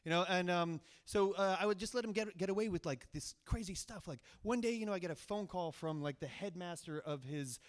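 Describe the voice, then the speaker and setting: A man's voice: high voice, fairly quick, hardly any pauses. A man from Virginia telling a personal story on stage, rambling with many fillers and restarts and poking fun at himself. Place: stage of a cultural center, live audience.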